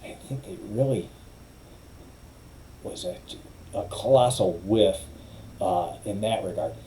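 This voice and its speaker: A man's voice: on the low side, animated, takes it slowly, warm tone, a little hiss or hum, poor audio. A middle-aged man, a lawyer, giving opinionated, wry commentary in a casual way and mimicking others' phrasing.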